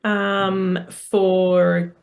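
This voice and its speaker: A woman's voice: medium pitch, level tone, extremely slow, gravelly, lo-fi sound. Earnest woman coaching parents. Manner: earnest, explanatory, many fillers and restarts. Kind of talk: conversational podcast interview.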